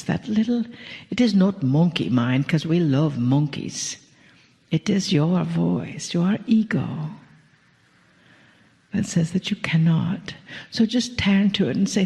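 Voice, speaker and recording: Brief: woman channeler, gravelly edge, slow and soothing with soft whispers, long hall reverb. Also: fairly low pitch. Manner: speaks as a collective "we", slow and soothing, drifts into whispers, chuckles often. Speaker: spiritual channeler. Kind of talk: channeled spiritual message to a live audience. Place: live venue with an audience.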